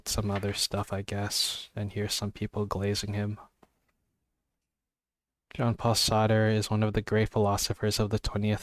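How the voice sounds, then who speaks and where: Offhand young man with a flat voice. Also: fairly low pitch, dry recording. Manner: offhand, jokey asides, stumbles over words. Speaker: book vlogger. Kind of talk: casual reading vlog, reading blurbs aloud.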